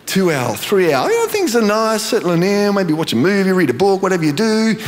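A male pastor preaching with a high voice that leaps and dips all through his lines, falling into a sing-song cadence. Each phrase hangs in the long reverb of a big church hall. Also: wildly swooping pitch, moderate pace, vocal fry, few pauses. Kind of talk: sermon. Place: large church auditorium.

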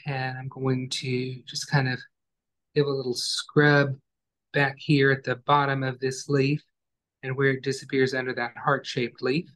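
A man teaching an online acrylic painting class, giving calm, step-by-step instructions as he works. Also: mid-range voice, measured pace.

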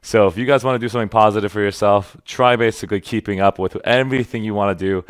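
A young man streaming himself through a workout, joking with viewers, loud and animated, getting out of breath. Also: on the low side, fast talker, clear, resonant tone, no room sound, clean studio sound. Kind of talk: casual comedic workout stream.

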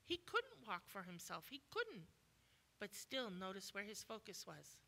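A woman giving a sermon as a guest preacher in a church, emphatic, often asking the congregation questions and acting out quoted lines with sudden loud commands. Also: medium pitch, wildly swooping pitch, unhurried, vocal fry.

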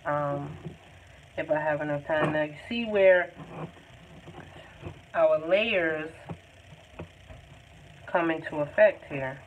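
A woman giving a live painting lesson in a chatty, encouraging and informal way. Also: fairly low pitch. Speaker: art tutor. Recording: tinny phone-like sound, faint noise.

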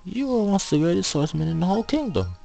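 An earnest, gentle young princess from a video game, read aloud by a man in a lifted voice. The tone is gravelly and the pitch swings a great deal. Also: big pitch swings, fast talker, soft background music, heavily acted. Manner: reading game text aloud in a raised voice.

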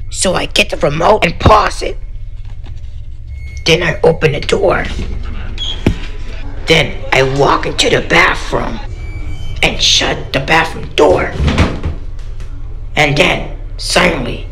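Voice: mid-range voice, sing-song, takes it slowly, pauses often, sharp tone. A cartoon storyteller telling a scary story dramatically, jumping between squeals and whispers. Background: clear music.

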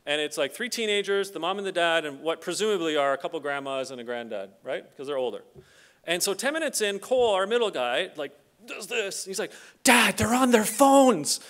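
Animated middle-aged man giving a keynote. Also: on the high side, brisk. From Canada. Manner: animated storyteller who acts out quoted voices. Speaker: keynote speaker. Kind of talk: conference keynote with storytelling.

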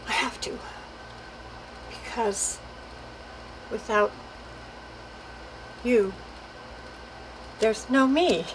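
A woman's voice: a little high, drawn-out words, long pauses, noisy background. An older woman playing a faded, desperate actress. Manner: brooding, pleading, talks to herself. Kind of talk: dramatic film monologue. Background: cello music.

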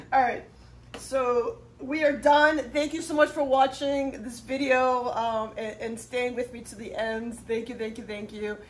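A woman's voice: on the high side, fairly even intonation, measured pace. A woman hosting a motorcycle repair channel, giving upbeat, chatty step-by-step instructions. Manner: upbeat and chatty, cheering when parts fit. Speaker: host of a motorcycle how-to channel. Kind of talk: casual how-to instruction.

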